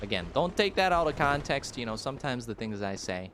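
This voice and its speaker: A man's voice: mid-range voice, very animated, brisk, fairly bright tone, a little hiss or hum. A young man from the United States giving rambling, jokey live-stream commentary, full of fillers, as he plays a game.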